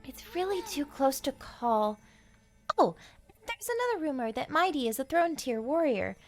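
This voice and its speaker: Brief: curious, playful game NPC girl, bright and high, lively swoops in pitch. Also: normal speed, soft background music. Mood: gossipy. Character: chatty gossiping young woman NPC. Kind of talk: game character dialogue.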